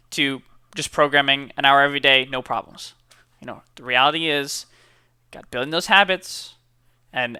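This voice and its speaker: A man's voice: on the high side, sharp tone, clear, resonant tone, dry recording, clean studio sound. A young man, a college student, chatting casually and upbeat to camera, with lots of fillers and repeated words. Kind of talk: casual motivational chat to camera.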